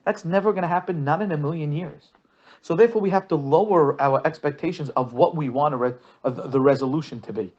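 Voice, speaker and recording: A rabbi teaching a marriage course gives a lesson built on storytelling examples, often repeating his opening words and acting out quotes. His voice is a little high and darkish, he talks fast, and the highs are cut off.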